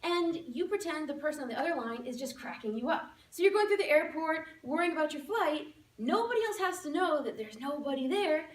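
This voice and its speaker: A woman giving a playful, animated laughter-yoga demonstration speech to a live audience. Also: sits high, a little fast, hardly any pauses. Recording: echoey room from far off.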